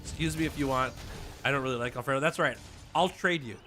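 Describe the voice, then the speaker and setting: A man's voice: medium pitch, fast, sharp tone. A man streaming a game, chatting casually and playfully with his viewers, laughing often and reading their messages aloud. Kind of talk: casual livestream chat with viewers. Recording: game music playing behind.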